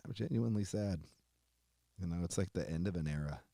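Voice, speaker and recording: A man hosting a show, giving an emotional tribute while on the verge of tears, swearing often and trailing off quietly. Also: sits low, fairly quick, vocal fry, no echo. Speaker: host.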